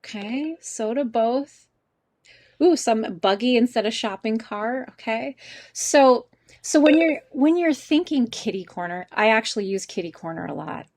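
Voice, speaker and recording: A woman's voice: fairly high pitch, lively intonation, unhurried, darkish tone. Chatty woman teaching an online class. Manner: chatty, laughs often, asks the class questions. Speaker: college English teacher.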